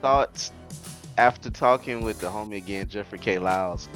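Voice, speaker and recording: A man with a New Orleans accent chatting as a guest on a casual podcast, animated and quick with asides. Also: fairly low pitch, faint music behind. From Louisiana. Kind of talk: casual chat.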